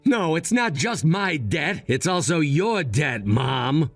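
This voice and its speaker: A man voicing a calm, scheming son. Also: on the high side, slow pace, vocal fry, no echo, soft background music, full character voice. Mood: firm. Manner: cool, firm, lecturing.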